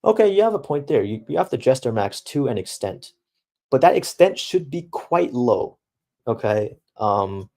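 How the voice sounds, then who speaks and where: A man's voice: medium pitch, big pitch swings, normal speed, dark tone. A young man streaming live, talking casually and reading out chat in a laid-back, slangy way full of dude and bro.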